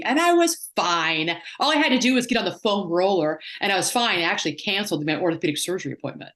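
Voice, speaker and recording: Animated woman therapist, low voice. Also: fast, hardly any pauses. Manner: animated storyteller, acts out quoted voices. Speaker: psychotherapist and life coach guest. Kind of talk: casual interview chat.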